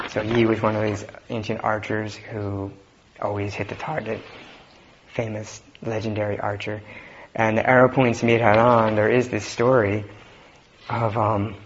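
Male Zen teacher, unhurried, halting delivery, muffled lo-fi recording. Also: fairly low pitch. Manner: relaxed, halting, with frequent fillers and soft laughs. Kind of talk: dharma talk. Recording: dull lo-fi recording with faint noise.

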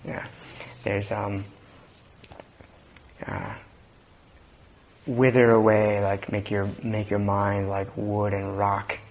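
A man giving a Zen dharma talk in a relaxed, halting way, with many fillers and soft laughs. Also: on the low side, gravelly. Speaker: Zen teacher. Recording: dull lo-fi recording with faint noise.

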